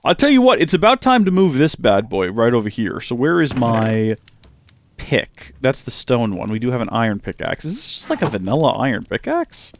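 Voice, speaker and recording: Chatty man with a lively voice. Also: mid-range voice, moderate pace. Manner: chatty, self-mocking, talks to his bees and the viewers. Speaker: Minecraft let's-play host. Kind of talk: casual gameplay commentary.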